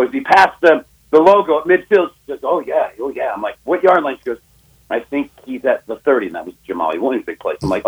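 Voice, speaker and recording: Husky-voiced man telling a sports story. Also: medium pitch. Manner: fast, emphatic, acts out phone call voices. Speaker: sports betting analyst guest. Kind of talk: animated sports radio storytelling.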